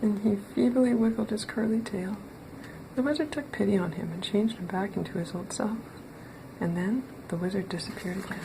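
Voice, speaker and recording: A woman's voice: mid-range voice, normal speed, noisy background. Woman reading a children's story aloud. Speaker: storybook reader. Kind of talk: children's read-aloud narration.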